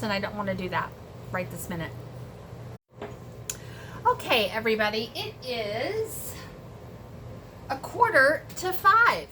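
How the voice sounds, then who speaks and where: A woman's voice: a little high, sharp tone, slight background noise. A middle-aged woman chatting casually to viewers in a homey vlog from her kitchen and garden. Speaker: homesteading vlogger.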